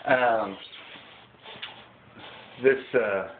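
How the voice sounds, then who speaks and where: A man's voice: lowish voice, very slow. A man in his thirties, a comedy vlogger telling crude jokes in a rambling, chuckling way. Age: 30s. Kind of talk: casual joke telling. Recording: tinny phone-like sound with faint hiss.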